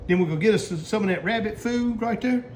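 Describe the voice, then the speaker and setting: Excited Louisiana man cooking. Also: sits high, fast, slight background noise. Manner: excited, hollering exclamations, talks to viewers. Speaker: cook and channel host. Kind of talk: cooking demonstration. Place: store kitchen.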